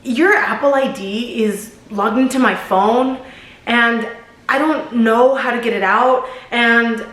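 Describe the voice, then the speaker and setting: A man's voice: extremely high pitch, slow pace, a bit bright, full character voice. A flustered young man stammers and trips over fillers on a phone call, as a woman retells it. He keeps restarting his words and cannot hold it together. The sound is roomy and echoing. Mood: awkward pleading. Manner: stuttering, hesitant, fillers. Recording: roomy echo.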